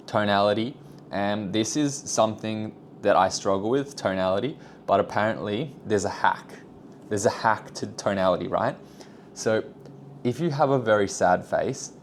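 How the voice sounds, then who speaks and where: Low-voiced young man rambling casually. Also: a little hiss or hum. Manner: rambling, self-deprecating, trails off into asides. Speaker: vlogger. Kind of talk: casual self-improvement vlog.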